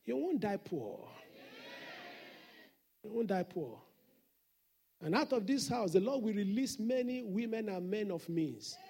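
A man's voice: high voice, big pitch swings, a little slow, long pauses, warm tone, a little hiss or hum. A man preaching a Sunday sermon as senior pastor, emphatic and repeating his declarations.

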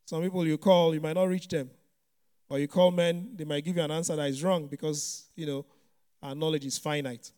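A man's voice: fairly high pitch, fairly even intonation, fairly quick, a little mellow, clear, resonant tone. A male pastor giving a conversational sermon, full of "you know" asides and frequent light chuckles. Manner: chatty, many "you know" fillers, chuckles often.

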